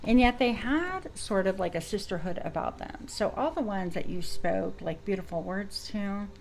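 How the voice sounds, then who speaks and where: A woman's voice: medium pitch, animated, normal speed, gravelly, darkish tone, a little hiss or hum, low-quality recording. A woman giving a spiritual card reading to her viewers, reflective and searching for words as she goes. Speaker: tarot reader.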